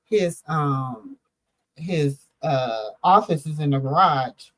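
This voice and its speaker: A woman's voice: low-pitched, animated, slow, low-quality recording. Middle-aged woman host, casual storyteller, rambling and filler-heavy. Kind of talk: casual chat.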